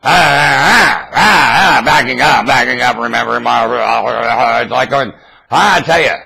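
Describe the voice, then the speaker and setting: A man talking into his webcam in a rambling monologue, theatrical and erratic, swinging from low mutters to excited shouts. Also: unhurried, gravelly, breathy edge. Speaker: self-styled webcam broadcaster.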